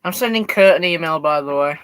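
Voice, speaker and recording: Running model trains on a live stream, a teenage male host from Yorkshire, England chats casually and responds to messages from viewers with a Yorkshire accent. His pitch is fairly high and his delivery brisk, the tone a bit bright and clean, but the recording is low quality.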